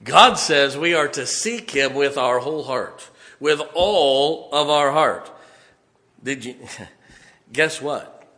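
Fiery preacher with a bright voice. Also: male voice, fairly high pitch, expressive, slow. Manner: emphatic, folksy, builds to loud peaks. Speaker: pastor. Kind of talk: fiery sermon. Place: church sanctuary.

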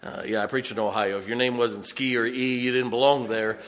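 With a mid-range voice and a slightly fast delivery, a man preaches as a pastor. His sermon is lively, folksy, and full of jokes and stories, and he raises his voice for emphasis.

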